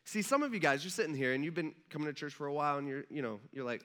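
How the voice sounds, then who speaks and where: Bright, high-voiced man preaching. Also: expressive, rapid-fire. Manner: conversational, joking, asks the audience questions. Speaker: pastor. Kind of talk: sermon. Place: church.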